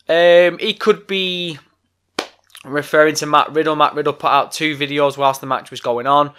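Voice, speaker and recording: A man's voice: fairly high pitch, fairly even intonation, normal speed, a bit bright, clear, resonant tone. A man hosting a solo wrestling podcast, ranting bluntly and swearing a lot. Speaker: podcast host.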